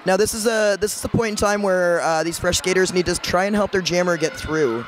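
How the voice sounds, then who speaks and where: A man's voice: high-pitched, brisk, background noise. A man giving easygoing play-by-play commentary on a roller derby bout, with dry quips. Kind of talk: live sports commentary.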